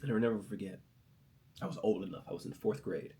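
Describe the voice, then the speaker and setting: A man hosting a motivational podcast, talking in an inspirational, sermon-like way that swings from loud, rising preaching to soft, hushed storytelling. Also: fairly low pitch, fairly even intonation, fast talker, a little hiss or hum.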